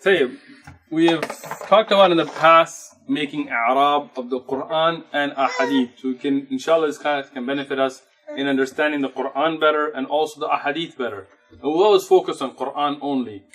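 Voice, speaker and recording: A man teaching an Arabic grammar class in a mosque classroom, patiently explaining terms in English mixed with Arabic words and quickly reciting Arabic passages. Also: on the high side, fairly bright tone. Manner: recites Arabic text rapidly. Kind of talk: classroom lecture.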